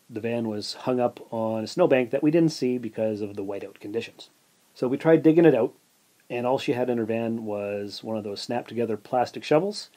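A man's voice: mid-range voice, dark tone. A man hosting his own podcast, casually telling a rambling story full of asides and filler words. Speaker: podcast host.

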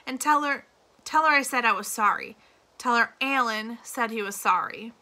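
A woman's voice: on the high side, moderate pace, sharp tone. A woman reading aloud and voicing an earnest teenage boy detainee.

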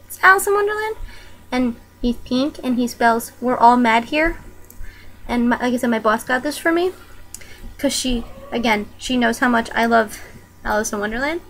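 A woman's voice: a little high, slight background noise, rough recording. A young woman chatting casually in a home vlog, bubbly and giggly, with sudden squeals. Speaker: vlogger. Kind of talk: casual chat.

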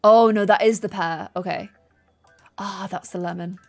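A woman's voice: medium pitch, fairly even intonation, normal speed, soft background music. A woman live-streaming a game, chatting and gushing thanks to her chat. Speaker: gaming streamer.

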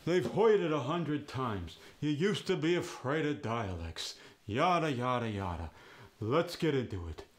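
An actor playing a grumpy middle-aged man with a Yiddish accent, demonstrating the accent with a slow, drawling, lilting delivery. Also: mid-range voice, big pitch swings. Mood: instructive. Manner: slow and drawling, with a rising then falling lilt.

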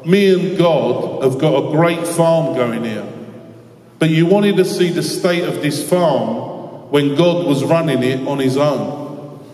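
A man's voice: a little high, slow pace, a little mellow, a little hiss or hum. A man voicing a proud, boastful farmer who grows exasperated, in a joke told to a school assembly. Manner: boastful, rising to indignant. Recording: echoey hall from far off.

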